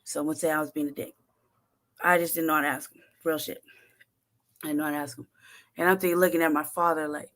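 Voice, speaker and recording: A woman host telling a story in a casual, profane, animated way, laughing often and acting out what people said. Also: deep voice, fast talker, long pauses. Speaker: show host.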